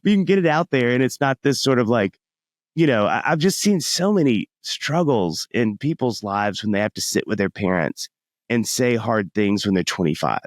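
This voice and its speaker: A middle-aged man in casual podcast chat, telling stories with a lively, swooping pitch. He slips into little acted voices as he goes. The sound is dry and close. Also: normal speed, no echo. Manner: animated storyteller, acts out voices in anecdotes. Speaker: podcast guest, musician.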